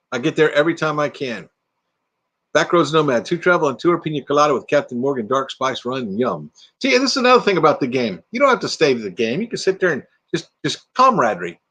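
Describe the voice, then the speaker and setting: An older man hosts a relaxed livestream, chatting with viewers and reading their comments aloud. His voice sits a little high for a man, and he laughs easily. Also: slightly rough. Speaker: livestream host. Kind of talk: casual live chat with viewers. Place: home room with green screen.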